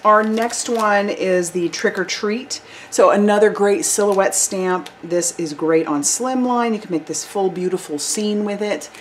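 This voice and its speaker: A woman's voice: medium pitch, unhurried, slight background noise. A woman hosting a card-making channel, chatting enthusiastically through a product review with casual fillers.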